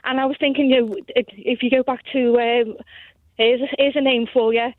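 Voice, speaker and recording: A woman with a Scouse accent calling in to a radio phone-in, talking earnestly and halting as she searches for words, heard over a tinny phone line. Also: a little high, fairly even intonation, dry recording. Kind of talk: casual phone-in chat.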